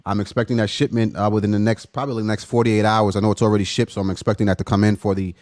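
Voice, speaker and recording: A man's voice: fairly low pitch, little pitch movement, very fast, no echo, clean studio sound. Laid-back man hosting a livestream. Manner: laid-back, chatty, shouts out viewers by name. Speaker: livestream host. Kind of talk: casual livestream chat.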